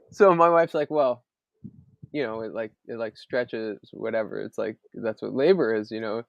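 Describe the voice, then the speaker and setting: A man in his thirties, a podcast host, telling family stories in an animated, casual way with many fillers. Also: mid-range voice, measured pace, vocal fry, pauses often, no echo. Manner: animated storyteller, frequent "like" fillers. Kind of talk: casual chat.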